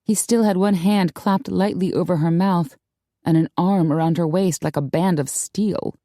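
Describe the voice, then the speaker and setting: A woman reading a romance audiobook in a measured, unhurried way with wry asides. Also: fairly low pitch, steady tone, mellow, no echo, studio quality. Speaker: audiobook narrator. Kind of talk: scripted narration.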